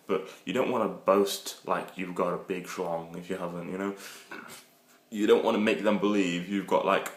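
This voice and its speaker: A man's voice: sits low, steady tone, moderate pace, a little hiss or hum. A man rambling through crude, joking dating advice in a casual comedic monologue. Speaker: vlogger giving dating advice. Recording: echoey room.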